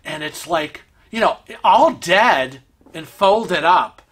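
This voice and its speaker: A man telling a story in an animated, excitable way to his vlog viewers. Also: on the high side, takes it slowly. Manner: animated, excitable storytelling with laughs and acted-out quotes. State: vision impaired, uses a cane. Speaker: vlog host. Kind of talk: casual storytelling.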